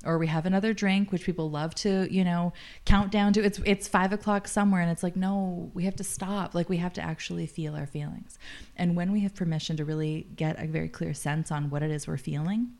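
A woman's voice: lowish voice, fairly even intonation, brisk, a little mellow. A woman in her late thirties, speaking earnestly as an interview guest, often using "like" as a filler. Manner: earnest, thoughtful, frequent "like" fillers. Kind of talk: casual interview talk.

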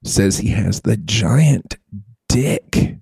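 A man's voice: fairly low pitch, animated, drawn-out words, vocal fry, dark tone, husky. A man hosting a comedy podcast, joking around and swearing a lot in casual chat. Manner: profane and joking. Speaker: podcast host.

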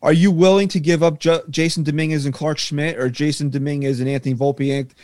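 A male podcast co-host debating sports and pushing back with pointed questions. His voice is a little higher than most men's. The sound is dry and close, with no room echo. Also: fairly even intonation, brisk, a little mellow. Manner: argumentative, questioning, plays devil's advocate. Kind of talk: casual sports chat.

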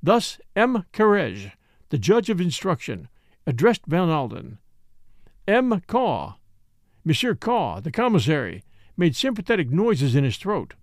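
A man narrating a classic mystery novel in an audiobook, measured and expressive. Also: fairly high pitch, no room sound, clean studio sound. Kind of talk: scripted narration.

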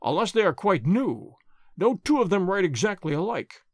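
A man reading an audiobook, voicing a calm, confident male detective who speaks in a measured, suave, lecturing way. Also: high voice, no room sound, clean studio sound.

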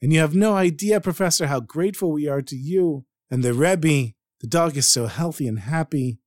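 A man's voice: a little high, normal speed, a little mellow, no echo, studio quality, natural voice. A man voicing a tearful, earnest taxi driver. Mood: overjoyed. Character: emotional middle-aged Jewish taxi driver man, tearful.

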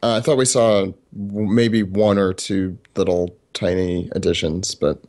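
Easygoing low-voiced man. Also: steady tone, a little slow, a little mellow. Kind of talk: casual chat.

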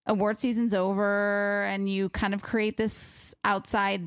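A woman's voice: medium pitch, level tone, unhurried, smooth, dry recording, studio quality. A tired young woman co-hosting a podcast, talking in a gushing, emotional way with many fillers. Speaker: podcast co-host. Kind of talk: casual chat.

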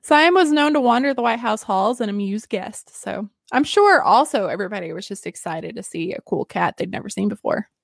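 A woman's voice: medium pitch, expressive, a little fast, gravelly, few pauses, no echo, clean studio sound. A woman hosting a casual history podcast, telling stories in a chatty, giggly way with lots of fillers. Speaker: podcast host.

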